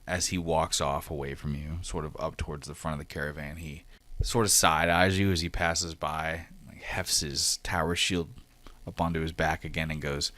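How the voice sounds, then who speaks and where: Deep-voiced man running a tabletop game. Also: steady tone, normal speed, pushed and bright. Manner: loose, filler-heavy narration. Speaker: game master.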